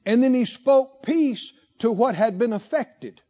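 A man preaches a sermon in a very high, animated voice, drawing his words out slowly and with a mellow tone. He leans on rhetorical questions and repetition. The recording sounds dull and lo-fi. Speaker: pastor.

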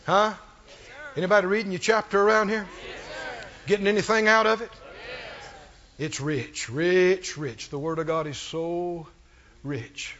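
A man's voice: high-pitched, steady tone, measured pace, long pauses, fairly bright tone, highs cut off. A man preaching a sermon with rising fervor, asking the congregation questions and calling for responses.

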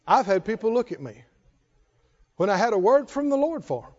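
A man's voice: high voice, very animated, fairly quick, pauses often, darkish tone. A man preaching a sermon, emphatic with call-and-response and chuckling asides, in a dull lo-fi recording.

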